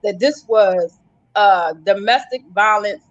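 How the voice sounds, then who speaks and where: A woman's voice: mid-range voice, slow. A woman guest on a live panel recounting her story vividly, acting out her own cries for help. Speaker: guest survivor. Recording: dull lo-fi livestream audio.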